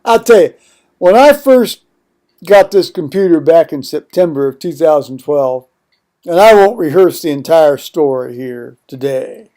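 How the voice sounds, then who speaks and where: A man's voice: fairly high pitch, lively intonation, measured pace, mellow. An older man vlogging at home in a rambling monologue, digressing often with blunt, profane asides.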